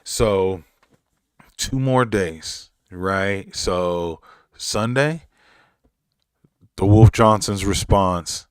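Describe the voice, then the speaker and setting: A deep-voiced man rambles through a casual livestream, reading and answering his chat. He chuckles often and makes self-mocking dad jokes, and his voice is recorded dry and close with no room sound. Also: drawn-out words, long pauses, clean tone, no room sound. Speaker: streamer reading live chat.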